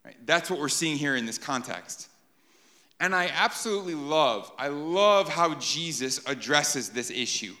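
A man preaching an animated sermon to a live congregation, often checking in with "right?". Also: a little high, a little slow. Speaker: pastor.

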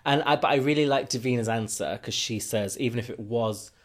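A man's voice: mid-range voice, brisk. A man co-hosting a podcast, chatting casually with sarcastic, rambling jokes. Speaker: podcast co-host. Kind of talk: casual recap chat.

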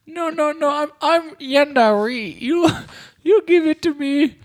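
A man's voice: very high voice, slow pace, pitched above the performer's own voice. A man putting on a brash, pushy female shop owner who makes a sing-song hard sell in clipped, broken phrases on an improvised prank call.

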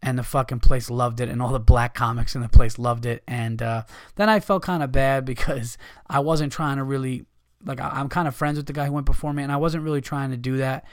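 Profane ranting comedian, dry sound. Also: male voice, medium pitch, fairly even intonation, brisk, no echo. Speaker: comedian podcast host. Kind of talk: casual podcast monologue.

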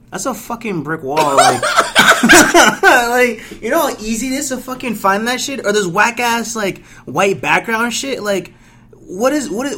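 A man's voice: high-pitched, fairly bright tone. A young man co-hosting a podcast in casual chat, joking and swearing as he teases. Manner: joking, profane, teasing. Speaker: podcast co-host.

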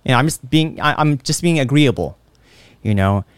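Man telling an animated story, dry sound. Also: mid-range voice, moderate pace, clear, resonant tone, dry recording. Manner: animated storyteller who acts out quotes; lots of fillers. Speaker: podcast host. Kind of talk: casual chat.

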